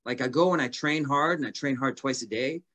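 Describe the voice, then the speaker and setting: A man's voice: medium pitch, fairly quick, sharp tone. A man as a podcast guest, telling long stories casually with many fillers and restarts. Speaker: guest fighter.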